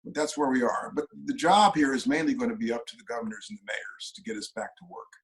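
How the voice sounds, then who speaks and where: Lawyerly guy talking from home on a video call, measured, stresses his points. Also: medium pitch, low-quality recording. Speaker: former government official, guest. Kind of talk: interview answers.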